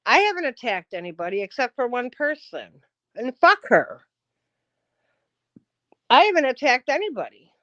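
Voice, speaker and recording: A woman with a slightly high voice rants at her livestream chat, blunt and profane. The sound is dull and lo-fi. The room is dry and close. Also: sing-song, moderate pace, long pauses, a bit bright, no echo. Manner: combative, profane, talking back to chat. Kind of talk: casual livestream rant.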